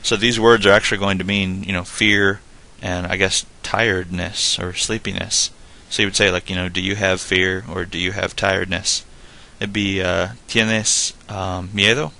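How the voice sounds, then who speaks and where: Gravelly low-voiced man explaining casually. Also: moderate pace. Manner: relaxed, rambling explanations full of "like" and "you know". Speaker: Spanish tutor. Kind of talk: casual spoken lesson.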